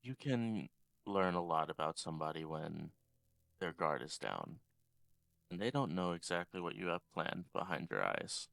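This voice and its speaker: Smooth deep-voiced man in character. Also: expressive, normal speed, fairly bright tone, dry recording. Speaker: player. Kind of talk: in-character tabletop role-play.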